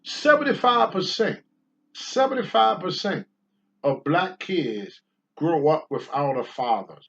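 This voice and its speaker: A man's voice: on the high side, muffled recording. An older man hosting a talk show, answering viewer questions in a blunt, preachy monologue and swearing freely.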